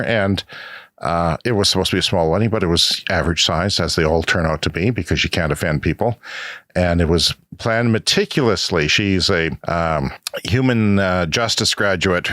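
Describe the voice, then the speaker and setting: An older man, co-hosting a podcast and telling a rambling, animated story with chuckles. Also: low voice, dry recording, studio quality. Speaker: podcast co-host. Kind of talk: casual chat.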